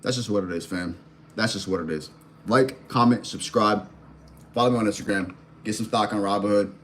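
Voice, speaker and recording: A man's voice: lowish voice, fairly quick, a little hiss or hum. A man in his thirties giving a blunt, profane, slang-heavy motivational rant, firing questions straight at the viewer. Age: 30s. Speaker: vlogger and life coach.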